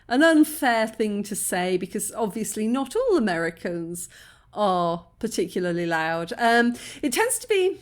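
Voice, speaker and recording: A woman's voice: a little high, lively intonation, normal speed. A British woman hosting a reaction video, chatting casually and digressively, often laughing. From Britain. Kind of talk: casual commentary.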